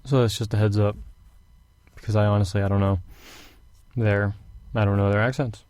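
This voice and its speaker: A man's voice: on the low side, normal speed, clean tone, no room sound. A young man recording a home audiobook of a fantasy novel, chatting casually before reading steadily. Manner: casual rambling intro, then steady reading. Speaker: audiobook reader. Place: hot room at home.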